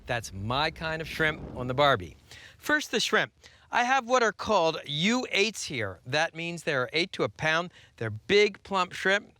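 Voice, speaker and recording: A middle-aged man hosting a TV cooking show, delivering punchy scripted lines and measured step-by-step instructions. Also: on the high side, sing-song, pushed and bright, dry recording. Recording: broadcast audio with music bed.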